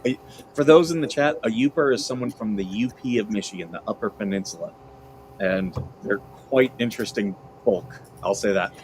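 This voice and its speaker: A man with a lowish voice talks on a livestream call. He hesitates and restarts, often apologising. Faint noise sits under the call audio. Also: moderate pace, a little mellow, rough recording. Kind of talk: casual chat on a livestream call.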